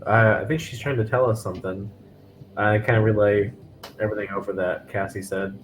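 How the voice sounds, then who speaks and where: A man's voice: on the low side, fairly even intonation, brisk, background noise. A man playing in a tabletop game, speaking in an easygoing, matter-of-fact way. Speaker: player. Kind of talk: tabletop role-play chat.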